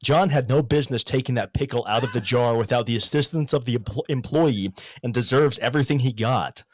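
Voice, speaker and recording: A man's voice: medium pitch, fairly quick, no room sound. A man co-hosting a podcast, chatting playfully and reading a rude listener letter aloud. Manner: playful, wisecracking. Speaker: podcast co-host. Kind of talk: casual chat, reading listener mail aloud.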